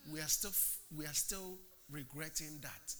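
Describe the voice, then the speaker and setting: A male pastor preaching an animated sermon in church, asking the congregation rhetorical questions and swinging from loud to hushed. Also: a little high, unhurried.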